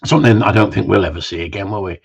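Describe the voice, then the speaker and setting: A man with a deep, creaky, breathy voice talks very fast while hosting a live stream as a dog trainer. He chats casually and cracks jokes while answering viewers' questions, and the stream audio sounds dull and lo-fi.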